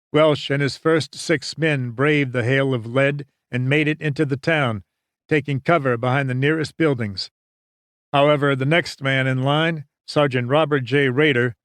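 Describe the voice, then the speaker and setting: A man narrating an audiobook in a measured, dramatic storytelling manner. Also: medium pitch, dry recording, studio quality. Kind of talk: scripted narration.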